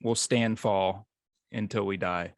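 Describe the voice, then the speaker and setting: A man's voice: fairly low pitch, fairly even intonation, slow pace, no room sound, clean studio sound. A man hosting a beer podcast, chatting casually and joking at his own expense. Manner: easygoing, self-deprecating joking. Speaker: podcast host.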